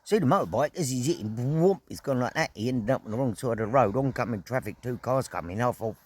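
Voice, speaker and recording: A middle-aged man vlogging outdoors at an evening camp, telling a story in a casual, animated way, full of slang, swearing and sound effects. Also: mid-range voice, fast, husky.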